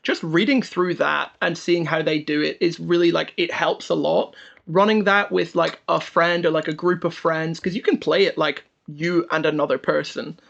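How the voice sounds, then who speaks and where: A man in casual podcast chat, giving relaxed advice with many fillers. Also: fairly high pitch, normal speed, gravelly, dull audio.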